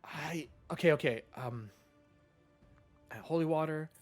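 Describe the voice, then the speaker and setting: A man narrating a tabletop role-playing game as game master, animated and rambling. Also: a little high, a little slow, faint music behind.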